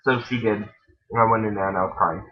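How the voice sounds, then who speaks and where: A man's voice: on the low side, fairly even intonation, fairly quick. Teen male vlogger, casual and rambling with frequent giggles, muffled webcam audio. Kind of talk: casual confessional vlog.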